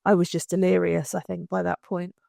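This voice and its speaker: A woman co-hosting a podcast, telling a story in animated casual chat, swearing freely and acting out the people she quotes. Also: lowish voice, brisk, creaky, no room sound, clean studio sound. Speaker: podcast co-host.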